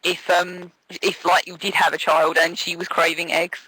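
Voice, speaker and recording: A man with an English accent co-hosting a casual radio show, teasing his partner with quick questions. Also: a little high, completely flat delivery, pushed and bright, slightly rough, no echo, low-quality recording. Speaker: radio co-host. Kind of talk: casual chat.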